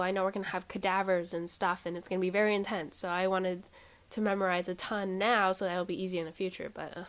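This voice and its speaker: Young woman, twenties, stuffy nose, rambling casual podcast chat, filler-heavy, mid-pitched. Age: 20s. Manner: chatty, rambling, frequent ums and likes. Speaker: podcast host. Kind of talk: casual solo life-update chat.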